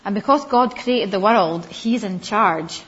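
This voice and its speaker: A woman giving a Bible lesson to young children, gently questioning them and calling on them by name. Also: mid-range voice, unhurried. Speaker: Sunday school teacher. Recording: slightly dull lo-fi recording.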